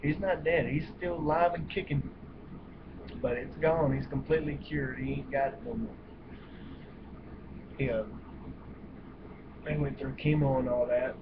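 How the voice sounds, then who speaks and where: A man's voice: medium pitch, unhurried, pauses often. A man ranting in a casual vlog, blunt and profane, rambling and cutting himself off. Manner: blunt and profane, emphatic outbursts; rambling, self-interrupting. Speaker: vlogger. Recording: dull lo-fi home recording with steady hiss.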